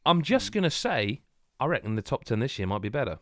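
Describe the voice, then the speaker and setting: A man's voice: mid-range voice, very animated, quick pace, a crowd in the background. A man hosting a casual podcast chat, jokey and rambling as he reads out lists. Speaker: podcast host.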